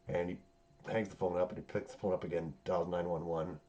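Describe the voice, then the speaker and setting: Low-voiced man rambling casually, swearing freely. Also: little pitch movement, a little fast, warm tone. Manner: loose, rambling, heavy on swearing and fillers. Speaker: podcast host recapping a TV series. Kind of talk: casual chat. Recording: dull lo-fi sound.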